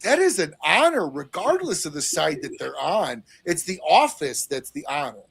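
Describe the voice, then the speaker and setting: A man talking in a casual podcast chat, emphatic and quick to laugh. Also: a little high, sing-song, vocal fry, fairly bright tone, breathy edge.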